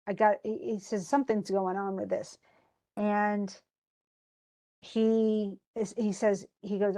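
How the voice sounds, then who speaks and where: A woman's voice: mid-range voice, fairly even intonation, measured pace, a little mellow. A woman teaching a lesson, retelling a play scene by scene and paraphrasing its lines in everyday speech, with many fillers.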